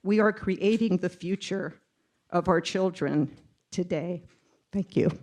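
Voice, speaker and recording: A woman's voice: fairly low pitch, slow pace, a little mellow. A retired teacher in her sixties reading an earnest, emotional public comment to a committee, with some ums. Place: public meeting room.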